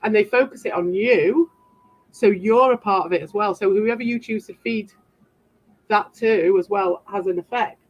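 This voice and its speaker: A woman's voice: mid-range voice, moderate pace. Defensive, rambling British woman streamer. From Britain. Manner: defensive, rambling, sarcastic asides. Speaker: livestreamer answering chat. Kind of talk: casual livestream chat. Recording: dull lo-fi sound.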